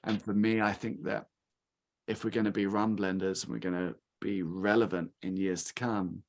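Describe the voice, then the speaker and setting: A man in his thirties from England speaks in a fairly low voice during a casual rum tasting talk. He is chatty and animated, and he acts out the reactions of the people he quotes. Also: normal speed. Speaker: guest speaker from a rum company.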